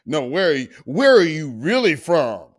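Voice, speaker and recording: A man's voice: a little high, sing-song, normal speed. A man hosting a show, commenting casually on news clips, laughing often and trailing off into asides. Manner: laughs often, trails off and restarts, riffs on his own asides. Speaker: show host.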